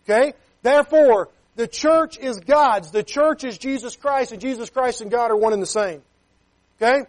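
High-voiced man preaching a sermon. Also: normal speed. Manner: emphatic preaching with frequent "Okay?" asides; reads scripture in King James wording. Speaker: pastor.

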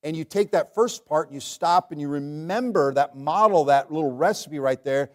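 Folksy preacher man, higher voice. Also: brisk, hardly any pauses. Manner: folksy, humorous preaching with dramatic shifts in loudness and pace. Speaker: pastor. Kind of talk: sermon. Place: church.

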